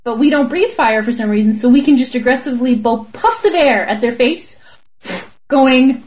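A woman's voice: high voice, normal speed, darkish tone. A woman co-hosting a casual comedic chat, playful and bawdy, laughing often. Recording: voice recording.

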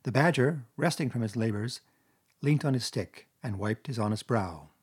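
A man reads a classic children's story aloud in measured, expressive audiobook narration. His voice sits in an average pitch with a husky, breathy grain.

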